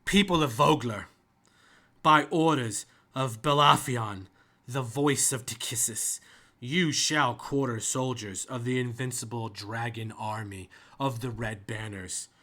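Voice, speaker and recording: A man voicing a cold, haughty female rider of a dragon army, with a low, hushed menace. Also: slow pace, pauses often, slightly rough, heavily acted. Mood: commanding.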